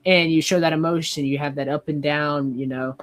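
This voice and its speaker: A man's voice: a little high, fairly even intonation, fairly quick, fairly bright tone. A young man in his twenties, a wrestler guest telling a casual story, rambling with lots of "like". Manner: rambling, heavy use of "like".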